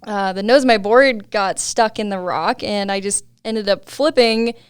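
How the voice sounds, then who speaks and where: Smooth-voiced woman telling a story. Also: mid-range voice, a little slow, no room sound, clean studio sound. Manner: laughs often, lots of "like". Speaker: podcast guest. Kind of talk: casual storytelling.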